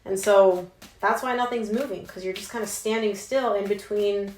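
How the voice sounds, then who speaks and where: A woman's voice: medium pitch, fairly even intonation, normal speed, a little mellow, slight background noise. Chatty woman tarot reader, roomy echo. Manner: chatty and emphatic, slangy asides. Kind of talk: casual tarot reading to camera.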